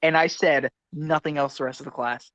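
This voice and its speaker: A teenage boy co-hosting a casual podcast, telling a school story in a halting, deadpan way. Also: fairly high pitch, lo-fi sound. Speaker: podcast co-host.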